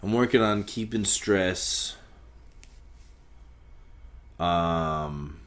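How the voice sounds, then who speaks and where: Talking extremely slowly in a deep voice, a young podcast host swears his way through a solo monologue. He rambles in stream-of-consciousness fashion, going around in circles.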